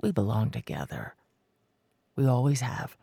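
A reader voicing a determined man who speaks calmly and firmly, refusing to back down. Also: a little slow, vocal fry, slightly rough, dry recording, studio quality, full character voice. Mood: tender. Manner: calm, firm, low-key. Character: determined man, calm, insistent, devoted. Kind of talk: audiobook character voice.

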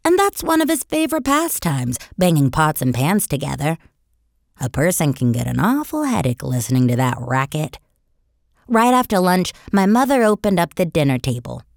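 A woman narrating a children's story in the first person as a young boy, with expressive storytelling. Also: low-pitched, moderate pace, gravelly, dry recording, clean studio sound. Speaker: audiobook narrator.

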